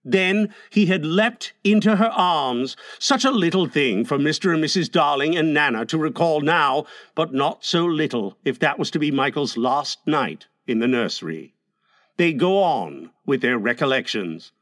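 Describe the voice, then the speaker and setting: Brief: male storyteller, animated, somewhat high voice, dry close read, classic-novel audiobook. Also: normal speed, dry recording. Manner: expressive, storytelling with lively emphasis. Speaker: narrator.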